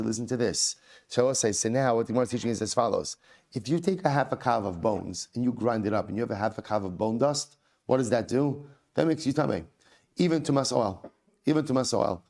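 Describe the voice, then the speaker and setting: A man's voice: medium pitch, a little mellow. A man, a rabbi, teaching a daily Talmud lesson, reading out quoted lines and then explaining them, asking and answering his own questions, and repeating key phrases. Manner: reads Aramaic and Hebrew quotes, then paraphrases.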